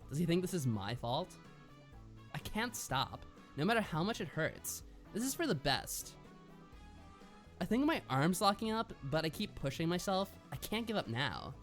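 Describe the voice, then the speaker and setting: A man reading a visual novel aloud on a live stream and chatting with his co-host, laughing often. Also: fairly high pitch. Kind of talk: live read-through narration and chat.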